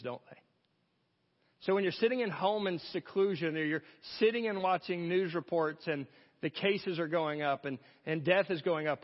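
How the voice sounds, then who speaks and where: High-voiced man preaching a sermon. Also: in a large hall, dull audio. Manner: earnest preaching with rhetorical questions. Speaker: pastor.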